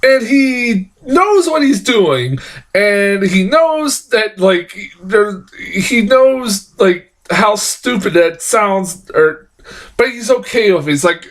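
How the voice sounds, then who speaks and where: A man's voice: sits high, very animated, slow pace, a bit bright. A man reviewing a film in a casual, exasperated rant, swearing freely and restarting sentences with lots of fillers.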